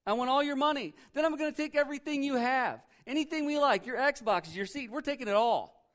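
A man's voice: very high-pitched, brisk, fairly bright tone, pitched above the performer's own voice. A man voicing a boastful, greedy warrior king in a mocking, exaggerated way. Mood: gloating.

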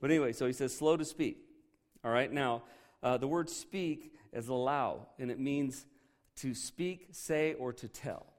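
A man preaching a Bible lesson in a conversational, joking way. He often checks in with "okay" and "right" and slows down to stress key words. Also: mid-range voice. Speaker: pastor teaching a Bible lesson. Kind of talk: sermon.

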